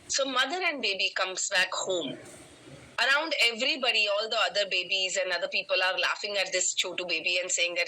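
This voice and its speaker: Motivational coach, woman, very bright tone, emphatic storyteller. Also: mid-range voice, moderate pace, low-quality recording. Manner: animated, emphatic, addresses listeners directly. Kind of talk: storytelling in an online session.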